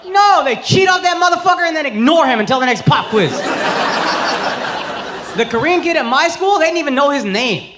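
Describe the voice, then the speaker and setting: A man's voice: extremely high pitch, lively intonation, a little fast, very noisy. Brash, profane man doing stand-up. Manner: brash, profane, shouting punchlines. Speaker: stand-up comedian. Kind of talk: stand-up set with crowd work. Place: comedy club stage before a live audience. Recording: live club with loud audience laughter. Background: loud crowd laughter.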